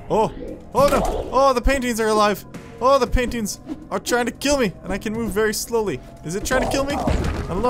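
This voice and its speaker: A man giving excitable, jokey let's play commentary, yelling at enemies as he plays. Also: fairly high pitch. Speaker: gameplay commentator.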